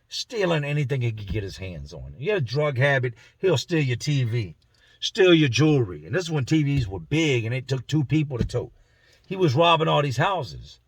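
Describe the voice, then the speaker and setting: Man, casual slangy storytelling, husky, dry close recording. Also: medium pitch, no room sound. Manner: slangy, conversational, acts out the voices in his story. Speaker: vlogger telling a prison story. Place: inside a car.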